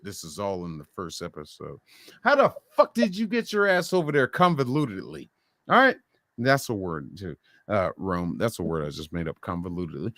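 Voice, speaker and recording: A man hosting a casual live stream, ranting about a TV show with heavy swearing, flipping between loud outbursts and low mumbles. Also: very animated, moderate pace, no room sound, clean studio sound. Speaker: stream host. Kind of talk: profane ranting show recap.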